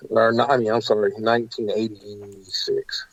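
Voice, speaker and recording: A man being interviewed about paranormal investigations, telling stories in an animated, hesitant way full of fillers. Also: fairly low pitch, normal speed, slightly rough, no room sound, rough recording. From United States. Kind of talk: casual interview storytelling.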